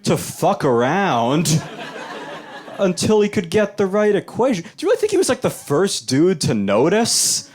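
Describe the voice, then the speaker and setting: His voice sits high and his pace is measured as this young adult man does a live stand-up set in a small club. He talks conversationally and loosely, switching into animated voices when quoting people.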